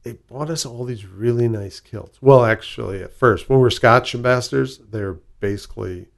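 A man's voice: mid-range voice, moderate pace, gravelly. A man with a Chicago accent, a guest in an interview, who tells rambling stories full of fillers and restarts. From southwest side of Chicago. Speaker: guest, whisky ambassador. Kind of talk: casual interview storytelling.

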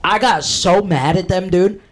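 A man co-hosting a podcast, telling stories in profane, animated, slangy banter. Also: sits high, measured pace. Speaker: podcast co-host.

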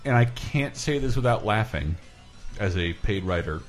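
A man's voice: on the low side, lively intonation, normal speed, faint music behind. A man hosting a podcast, chatting casually in a rambling, laughing, profane way. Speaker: podcast host. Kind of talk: casual chat.

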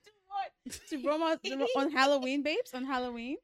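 A young woman co-hosting a casual book chat, animated and dramatic, laughing often. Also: high voice, a little fast. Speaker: podcast co-host.

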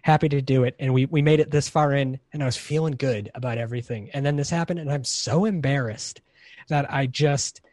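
A man's voice: medium pitch, a little fast, a little mellow, dry recording, studio quality. A man in his twenties, a podcast guest in casual chat, laughing and self-mocking as he talks.

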